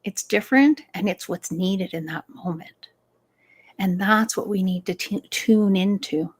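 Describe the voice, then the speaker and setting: A middle-aged woman speaking as a stress management coach in a live advice talk, gentle and unhurried with easy laughs. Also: mid-range voice, breathy edge.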